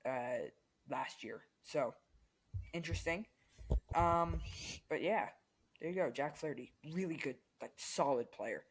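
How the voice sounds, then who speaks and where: A man's voice: a little high, slightly rough, poor audio. Laid-back man reading sports news. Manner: laid-back, chuckles between items. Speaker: podcast co-host. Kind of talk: casual sports chat, reading news items.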